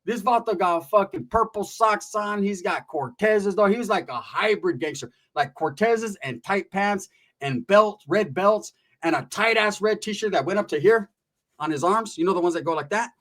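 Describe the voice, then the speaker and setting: A man telling a comic story in an animated, profane, slangy way. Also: sits high, moderate pace. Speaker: comedian storyteller.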